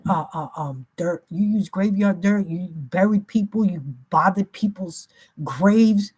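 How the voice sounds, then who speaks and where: A woman's voice: medium pitch, darkish tone, husky. A woman giving an emphatic, repetitive spiritual reading in a slangy, casual way. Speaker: spiritual reader.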